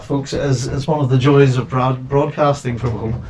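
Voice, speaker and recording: A man's voice: mid-range voice, fairly even intonation, moderate pace, hardly any pauses, noisy background. A man hosting a casual livestream chat from home, rambling with many restarts. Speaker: host.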